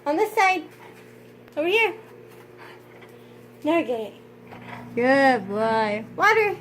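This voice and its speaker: A young woman with a high voice talks casually to the camera, sometimes quiet and soft. She switches to short, bright praise and commands for her dog, with a faint hiss of noise underneath. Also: very animated, slow. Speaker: vlogger and service dog handler. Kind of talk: casual vlog chat.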